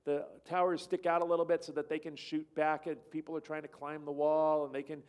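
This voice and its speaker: A man with a slightly high voice tells a travel story to a church gathering over slides. He rambles from point to point and slips into the voices of the people he quotes. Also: little pitch movement, a little fast, a little mellow, clean tone. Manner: rambling, acts out quoted dialogue. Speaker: church speaker.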